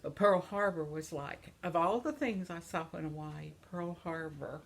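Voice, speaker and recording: An older woman vlogging from home in a casual, reminiscing monologue, speaking softly and sometimes dropping to a whisper. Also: on the low side, measured pace, vocal fry. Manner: reminiscing, soft-spoken, trails off into whispers; affectionate sign-off to viewers.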